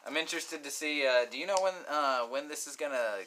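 A man's voice: a little high, a little fast, bright, forceful tone, slight background noise. A man chatting casually as a podcast guest, laid-back and restarting his sentences. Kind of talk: casual chat.

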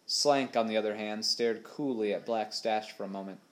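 A man reading a children's adventure novel aloud with steady, expressive storytelling. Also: fairly low pitch, moderate pace. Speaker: audiobook narrator. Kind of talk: storybook narration.

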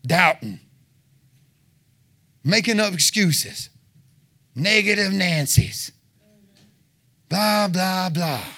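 Fervent man preaching, drawl. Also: high voice. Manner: fervent, exhorting, with shouted roars. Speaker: lay preacher. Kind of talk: testimony sermon.

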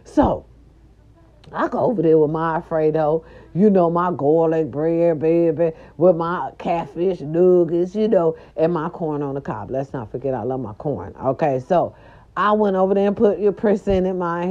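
Woman vlogger, casual storytelling, sassy and expressive, mellow tone, muffled lo-fi sound. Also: low voice, normal speed. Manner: sassy, animated, talks straight to viewers. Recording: dull lo-fi recording.

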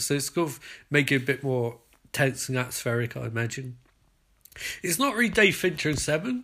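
Lively, sweary British man commentating. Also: mid-range voice. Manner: excitable, sarcastic, swears freely. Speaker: podcast host. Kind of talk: sweary running commentary on a show.

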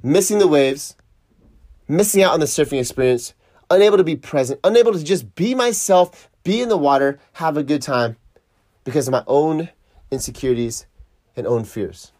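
A man's voice: a little high, animated, normal speed, darkish tone, dry recording, studio quality. A man telling a story casually, swearing and laughing as he reflects on a mishap while surfing. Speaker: surf vlogger.

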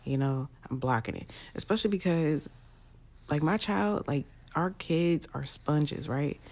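A woman's voice: deep voice, lively intonation, unhurried, darkish tone. A young woman, ranting bluntly and profanely to camera in a casual vlog. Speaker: vlogger.

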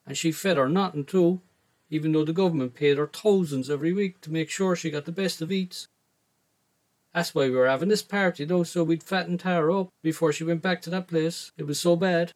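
A man's voice: fairly high pitch, fairly quick. Rambling Irish man telling a story. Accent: Cork Irish. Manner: rambling colloquial telling, frequent "like" and "I goes". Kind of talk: first-person storytelling narration.

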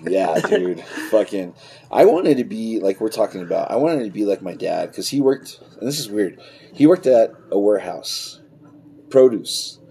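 A man's voice: fairly low pitch, animated, moderate pace, gravelly, mellow, a little hiss or hum. A man in casual chat who tells stories with lots of swearing and laughs often. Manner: profane storytelling, laughs often.

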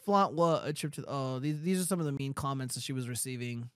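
A man's voice: medium pitch, a little fast, fairly bright tone, clean tone, no echo, studio quality. A man hosting a crude comedic podcast, reading comments aloud and mocking them in casual banter. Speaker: show host.

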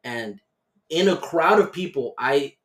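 A young man hosting a casual podcast chat, telling animated stories full of swearing. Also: a little high, a little slow. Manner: animated storytelling with heavy swearing. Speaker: podcast host. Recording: roomy echo.

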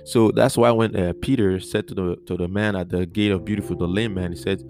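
A man's voice: sits low, fairly even intonation, fairly quick, hardly any pauses, a little mellow, faint music behind. A man giving an earnest Bible teaching on a podcast, repeating phrases and spelling out words letter by letter.

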